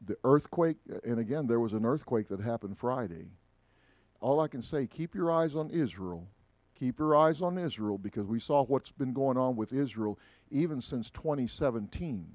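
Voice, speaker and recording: A man preaching a sermon, swinging from emphatic rises to quiet asides. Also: mid-range voice, lively intonation, normal speed, no room sound. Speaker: pastor. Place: church sanctuary.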